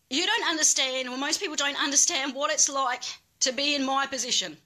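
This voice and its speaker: A woman's voice: high-pitched, brisk, bright, forceful tone. A woman speaking as a cannabis activist, making an angry, emphatic plea and repeating her points with swearing. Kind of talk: impassioned plea.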